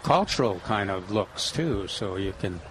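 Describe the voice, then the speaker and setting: A man's voice: low voice, animated, unhurried, low-quality recording. Folksy man, radio garden co-host, easy talk, light hiss. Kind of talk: casual radio chat.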